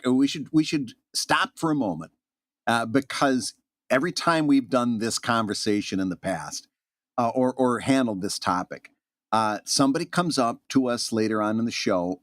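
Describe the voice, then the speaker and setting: A man's voice: medium pitch, no echo, clean studio sound. A man co-hosting a podcast in casual chat, earnest and reassuring, often restarting his sentences. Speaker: podcast co-host.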